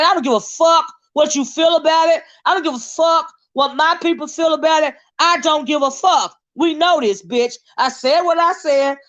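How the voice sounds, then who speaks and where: This is a furious, foul-mouthed rant from an American woman on her own channel, who picks fights and repeats her insults. Her voice sits high with a fairly bright tone, and the recording's upper frequencies are cut off.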